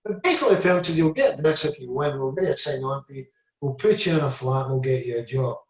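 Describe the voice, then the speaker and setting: An expressive Scottish man in his seventies speaks quickly at medium pitch, recalling his footballing days through rambling anecdotes in a casual interview. "You know" and "I said" crop up constantly. The room is echoey and the mic is placed at a distance.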